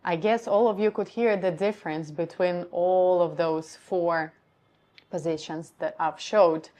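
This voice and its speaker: A woman voice coach giving a live-streamed lesson on how the voice works, explaining calmly and step by step. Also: fairly low pitch, measured pace.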